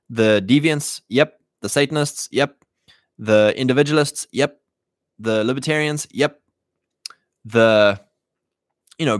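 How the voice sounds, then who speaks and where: A man with a mid-range voice hosts a livestream, rambling through casual political commentary full of fillers and restarts while acting out the voices he quotes. The sound is clean studio audio with no room echo.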